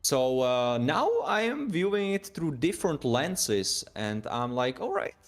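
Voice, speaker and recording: A man's voice: mid-range voice, very animated, a little slow. A man casting a live esports match, talking earnestly with dry jokes and loose grammar. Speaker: esports caster.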